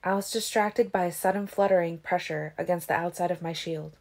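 A woman reads a novel aloud as an audiobook narrator. Her delivery is calm and even, and her voice sits on the low side. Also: brisk. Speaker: audiobook reader.

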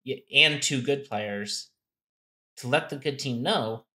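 A man's voice: mid-range voice, slow, bright, forceful tone. A man co-hosting a casual game-strategy talk, explaining step by step and thinking aloud with restarts. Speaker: co-host.

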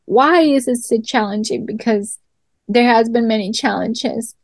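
A woman with a fairly high voice speaks in a heartfelt, reflective way in an interview. The recording is close and dry, with no room sound. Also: measured pace, creaky, no room sound. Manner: reflective, talks through garden analogies, becomes tearful. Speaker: guest artist. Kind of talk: interview answer.

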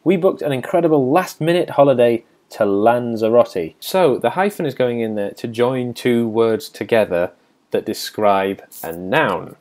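A man talks through a grammar practice test like a teacher. He reads the questions out and then patiently explains every answer, step by step. His voice sits at a middle pitch for a man. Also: lively intonation, unhurried, darkish tone. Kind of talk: test walkthrough lesson.

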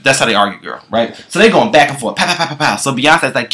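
A man vlogging, telling a profane comic story in an animated, chatty way. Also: medium pitch, fast talker, few pauses. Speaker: comedy vlogger. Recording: echoey room.

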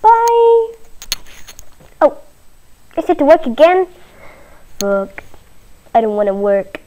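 A woman giving playful gameplay commentary, giggly and easily panicked, bursting into shrill cries of no. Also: measured pace, poor audio. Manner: excitable, breaks into high panicked shrieks of "no"; giggly and playful between outbursts. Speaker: gaming video host.

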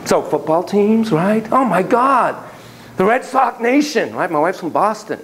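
A man lecturing a class with a theatrical, animated delivery. He swings from hushed remarks to loud exclamations and keeps asking the students questions. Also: high voice, measured pace, low-quality recording.

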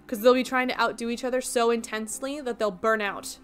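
Over faint background music, a young female streamer chats while gaming, laughing and jumping on viewers' jokes in a chatty, giggly way. She speaks with a fairly high pitch and fairly even intonation.

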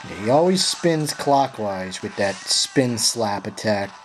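A man giving profane, frustrated live commentary while playing a video game, yelling at his companions and apologizing to viewers. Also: lowish voice, expressive, slow pace, a little hiss or hum. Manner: frustrated, swearing, sarcastic. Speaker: gameplay commentator.

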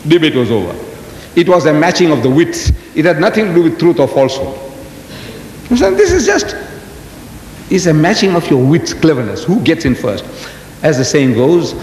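A man in his seventies giving a lecture to an audience, telling stories in an animated way and firing off rhetorical questions. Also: moderate pace. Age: 70s. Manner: animated storytelling, rhetorical questions, emphatic jumps in pitch. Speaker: Islamic lecturer. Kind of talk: lecture delivered to a live audience. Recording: roomy hall reverb, faint background rumble.

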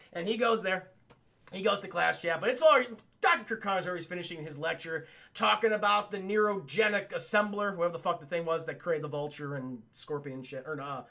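Excitable profane male cartoon reviewer. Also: high voice, vocal fry. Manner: profane, excitable, laughs often. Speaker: cartoon reviewer streaming to chat. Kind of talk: casual episode recap to a live chat.

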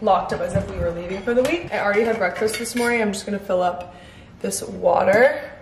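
A woman's voice: mid-range voice, a little fast. A woman vlogging at home in casual chat to camera, talking loosely with lots of "like" and "um" fillers. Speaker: lifestyle vlogger. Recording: echoey room, faint noise.

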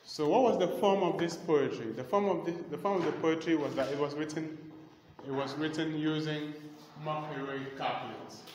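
A man lecturing a class, speaking slowly and repeating key terms so students can copy them down. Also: on the high side, a little mellow, a little hiss or hum. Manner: slow, repeats key terms to dictate notes. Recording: echoey hall with faint ambience.

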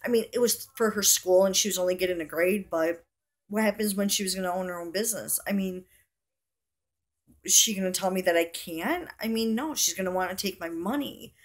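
A woman's voice: medium pitch, brisk. A middle-aged woman vlogging to camera, telling a story in a chatty, indignant, rambling way with lots of fillers.

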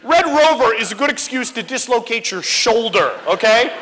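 A man giving a comic talk on stage, acting out children and teachers in an animated way. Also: very high voice, normal speed, slight background noise. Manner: animated, acts out kids and teachers. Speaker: speaker.

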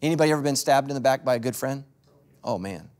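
A man's voice: medium pitch, animated, quick pace, a little mellow. A man preaching as a pastor to his congregation, telling funny stories in a loose conversational sermon that he speaks straight to the crowd. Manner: joking storyteller, talks straight to the congregation. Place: church stage before a congregation.

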